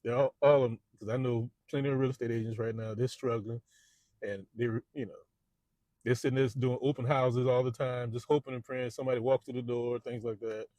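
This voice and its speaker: Chatty guy rambling to camera from his car, mid-pitched, dry sound, keeps repeating himself. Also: fairly even intonation, fairly quick, mellow, no echo. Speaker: real estate agent. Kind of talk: casual vlog monologue. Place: inside a parked car.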